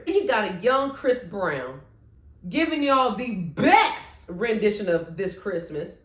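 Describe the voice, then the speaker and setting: A woman vlogger ranking her favorite movies in casual chat, expressive, with playful asides. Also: a little high, moderate pace. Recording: echoey room.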